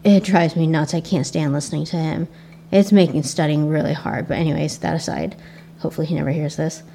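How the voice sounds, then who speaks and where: A woman's voice: deep voice, steady tone, brisk, gravelly, mellow, a little hiss or hum. A young adult woman with an Asian American accent hosting a casual solo podcast, reflective and rambling with frequent restarts. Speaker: podcast host.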